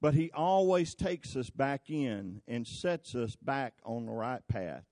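A man's voice: medium pitch, expressive, slow, darkish tone, no room sound, clean studio sound. A man preaching a folksy, conversational sermon, telling stories and asking the congregation questions.

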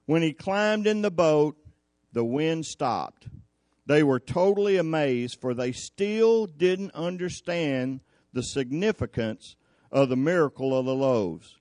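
A man's voice: on the high side, lively intonation, slow, a little mellow, no room sound. A man preaching a folksy sermon, telling the scripture like a story and acting out the people in it. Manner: folksy, drawling storyteller who acts out the scripture. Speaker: preacher at a cowboy church.

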